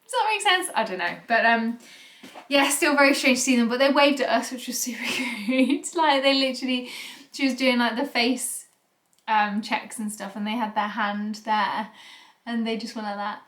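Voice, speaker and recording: A woman's voice: a little high, normal speed, fairly bright tone. A young woman, vlogging to camera in a rambling, chatty way, a little out of breath. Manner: chatty, rambling with fillers and restarts. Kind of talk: casual chat to camera.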